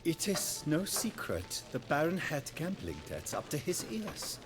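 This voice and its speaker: A matter-of-fact knight. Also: male voice, a little high, wildly swooping pitch, unhurried. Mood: informative. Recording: game audio with loud music behind.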